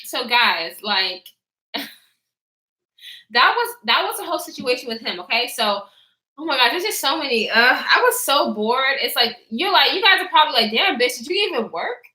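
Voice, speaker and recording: Animated young woman telling a story time. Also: high voice, normal speed, roomy sound. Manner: animated, acts out quotes, reads live chat, laughs often. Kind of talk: casual storytelling to camera.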